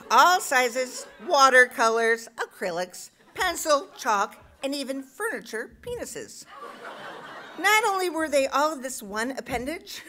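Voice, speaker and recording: Animated woman reading a comic story. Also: a little high. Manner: self-mocking, punchy comic timing. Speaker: storyteller reading at a live show. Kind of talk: comic personal essay read aloud.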